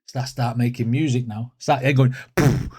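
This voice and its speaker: This host of a music reaction channel has a husky, mid-range voice with fairly even intonation and a moderate pace. In casual reaction commentary, he picks apart lyrics with chuckles and enthusiasm.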